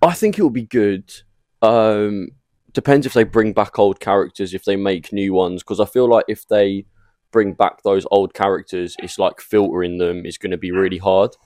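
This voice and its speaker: Low, mellow young man. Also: normal speed, dry recording, clean studio sound. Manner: laughs often, nervous and joking. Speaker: podcast co-host. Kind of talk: casual chat.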